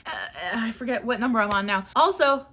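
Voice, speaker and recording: A woman's voice: fairly high pitch, fairly quick, sharp tone. A young woman vents in a casual book-review vlog. Her delivery is sarcastic and exasperated, with frequent swearing and bursts of laughter.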